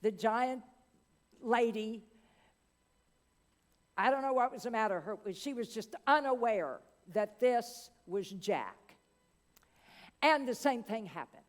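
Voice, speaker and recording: Woman preacher telling a story, slow with long pauses, higher voice, big church echo. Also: expressive. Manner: dramatic, with long pauses and asides. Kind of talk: sermon storytelling. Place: church hall. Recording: long church-hall reverb.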